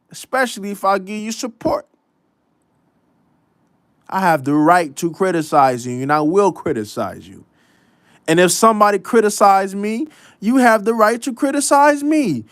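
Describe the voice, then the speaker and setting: A man delivering a casual sports commentary rant in a blunt, profane way. He speaks slowly and deliberately while his pitch swings widely, driving points home by repeating them. The recording is dry and close, with no room sound. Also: animated, fairly bright tone, no room sound. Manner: repeats lines for emphasis. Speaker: commentary show host.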